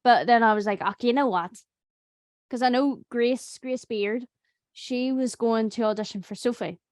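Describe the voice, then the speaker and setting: Young woman rambling through a story, dry close mic, kinda high pitched. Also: normal speed, dry recording. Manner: chatty storyteller, animated quoting. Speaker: voice actor. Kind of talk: casual group chat.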